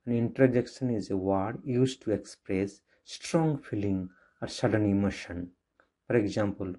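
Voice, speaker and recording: Slow, low-voiced male teacher. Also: mellow. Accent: Indian English. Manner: slow, repetitive explaining with restarts. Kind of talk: classroom grammar lesson.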